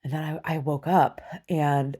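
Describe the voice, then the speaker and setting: A woman recounting a disturbing dream in a personal video diary, talking haltingly with many restarts. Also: low voice, steady tone, dark tone. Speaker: survivor sharing a personal story.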